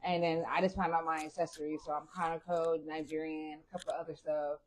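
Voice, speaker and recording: A woman co-hosting a casual chat, talking in a relaxed way that trails off softly. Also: low-pitched, fairly quick, poor audio. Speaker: podcast co-host.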